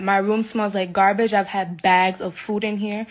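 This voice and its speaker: A woman of medium pitch talks at a moderate pace in a level tone. She is an American livestreamer ranting indignantly into her phone from a hotel room, agitated and repeating herself throughout this emotional live video.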